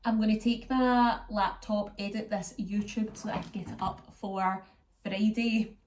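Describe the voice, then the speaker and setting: A woman's voice: mid-range voice, steady tone, normal speed, a little mellow, slight background noise. Chatty young Scottish woman vlogging. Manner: chatty, rambling storytelling with local slang. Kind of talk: casual chat to camera.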